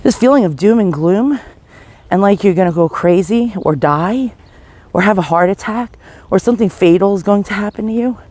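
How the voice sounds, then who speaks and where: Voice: medium pitch, normal speed, a little mellow. A vlogger, panicky and short of breath, coughing and pleading in a shaky confessional vlog recorded on a phone while walking down a residential street outdoors.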